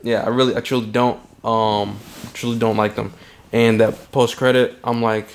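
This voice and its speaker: A man co-hosting a casual film review podcast, talking in an easygoing, halting way with frequent pauses. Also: medium pitch, flat delivery. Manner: easygoing, halting, many ums and restarts. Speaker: podcast co-host.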